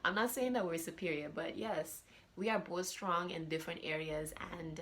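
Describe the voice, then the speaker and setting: A woman's voice: fairly low pitch, moderate pace, a bit bright. A woman hosting a podcast, chatting casually and animatedly while talking straight to her listeners on camera. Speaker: podcast host. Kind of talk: casual chat. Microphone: camera with audio.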